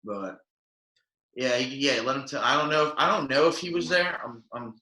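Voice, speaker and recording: Rambling young man with a bright voice. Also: medium pitch, normal speed. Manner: rambling, filler-heavy, animated quoting. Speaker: podcast co-host. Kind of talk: casual storytelling chat. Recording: echoey room.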